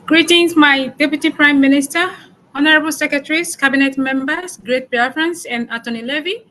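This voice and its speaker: Bright high-voiced woman greeting formally. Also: fairly quick, rough recording. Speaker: regional representative. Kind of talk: formal self-introduction.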